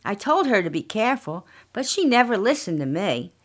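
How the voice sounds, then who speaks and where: A woman voicing a quiet, sly older husband who speaks with soft, syrupy politeness. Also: mid-range voice, sing-song, a little fast. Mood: sly sweet.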